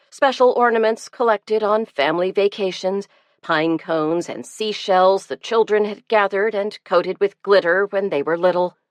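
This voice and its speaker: A woman narrating an audiobook in a measured, gentle storytelling manner. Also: mid-range voice, no room sound. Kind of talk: scripted narration.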